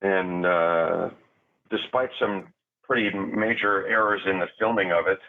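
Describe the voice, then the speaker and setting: A man's voice: deep voice, unhurried. Laid-back man on a tinny phone line. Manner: laid-back, chuckles between thoughts. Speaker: guest comedian. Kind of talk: casual chat. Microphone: remote call.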